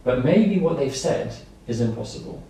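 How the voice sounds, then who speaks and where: A man's voice: mid-range voice, lively intonation, normal speed, dark tone, slight background noise. A man training nursery staff, explaining things simply and repeating points with everyday examples. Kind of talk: training lecture. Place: training room. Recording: echoey room from far off.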